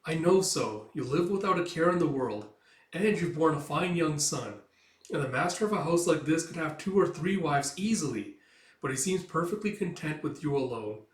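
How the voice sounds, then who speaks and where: Dude doing a chatty gossipy nursemaid lady, higher voice, far off echoey mic. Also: animated, moderate pace, close to an everyday voice. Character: chatty, envious middle-aged nursemaid. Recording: roomy echo, mic far off.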